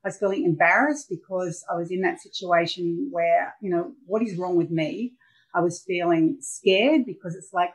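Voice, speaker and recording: Aussie woman in her middle years telling her story on a podcast, kinda low voice, gets animated. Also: brisk, rough recording. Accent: Australian. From Australia. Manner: candid, animated storyteller who acts out scenes. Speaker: guest. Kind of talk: personal storytelling in a podcast interview.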